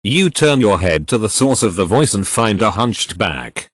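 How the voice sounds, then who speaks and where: A man reading funny text-adventure stories aloud with deadpan punchline delivery. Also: fairly low pitch, unhurried, no echo. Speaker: narrator.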